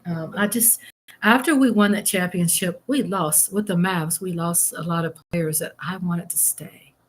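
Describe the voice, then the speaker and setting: A middle-aged woman hosts a livestream, chatting casually and exclaiming as she reads viewer comments aloud while eating. She has a lowish voice and speaks a little slowly.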